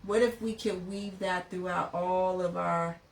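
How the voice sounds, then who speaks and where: A woman's voice: on the low side, steady tone, measured pace, gravelly. A woman in her thirties, a couples and personal development coach, talking casually on a podcast. She shares personal stories in a reflective way. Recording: echoey room, distant from the mic.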